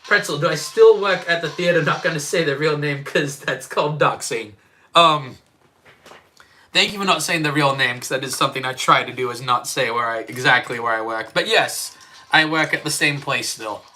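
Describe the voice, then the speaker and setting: A man's voice: fairly high pitch, moderate pace, bright, forceful tone, faint music behind. A man with an Australian accent chatting casually on a live stream while building Lego and reading chat, rambling with many fillers.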